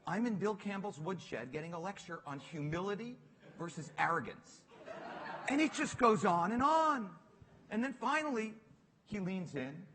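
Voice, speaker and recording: A middle-aged man tells a self-mocking story to a live audience, his voice bright and sharp. His pitch swings widely, and he laughs through his own punchlines. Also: animated, normal speed, in a large hall. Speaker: panel guest. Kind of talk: animated onstage storytelling. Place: stage at a public talk.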